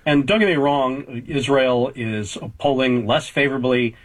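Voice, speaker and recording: A man in his fifties, a political journalist guest, giving measured analysis with hedges and restarts. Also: medium pitch, poor audio. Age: 50s. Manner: measured, hedging, frequent restarts.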